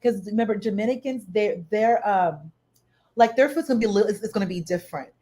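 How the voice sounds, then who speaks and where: A woman's voice: mid-range voice, fast, dark tone. Woman patiently explaining cooking steps. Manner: instructive, explains step by step. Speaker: co-host. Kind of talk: casual chat, giving cooking tips.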